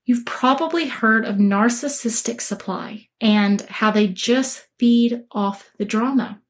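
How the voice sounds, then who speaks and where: Woman coach talking straight to camera, kinda high voice, earnest and emphatic. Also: takes it slowly. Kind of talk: motivational talk to camera.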